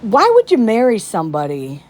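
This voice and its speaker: A woman's voice: mid-range voice, huge pitch swings, moderate pace. A woman ranting in casual commentary on a phone livestream, indignant and piling up rhetorical questions.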